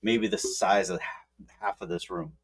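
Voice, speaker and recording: A man's voice: lowish voice, steady tone, unhurried. A man co-hosting a podcast, telling a rambling story in casual chat with lots of "like" and restarts. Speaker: podcast co-host.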